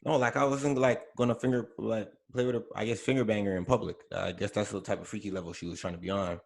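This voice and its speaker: A man's voice: on the low side, steady tone, fast, vocal fry. A young man hosting a podcast in casual chat, laid-back and slangy, with lots of "you know" fillers. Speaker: podcast host.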